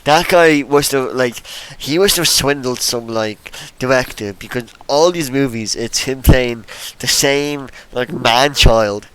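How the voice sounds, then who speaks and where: A man's voice: medium pitch, slow, hardly any pauses, a bit bright, smooth, rough recording. A man co-hosting a podcast, chatting playfully and teasing, with lots of fillers. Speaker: podcast co-host. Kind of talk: casual chat.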